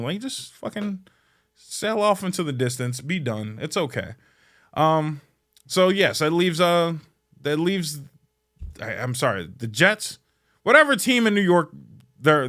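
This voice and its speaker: Male podcast host from Chicago, fast-swinging profane rant, high animated voice. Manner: profane, blunt, heckling; big swings between muttering and shouting. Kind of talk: ranting casual monologue.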